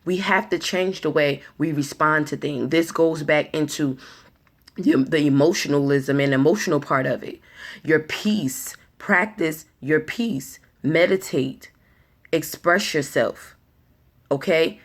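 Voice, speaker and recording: A woman giving an earnest motivational talk, repeating herself and restarting words as she goes. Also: low voice. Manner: acts out anxious inner voices in quick asides. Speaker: motivational speaker.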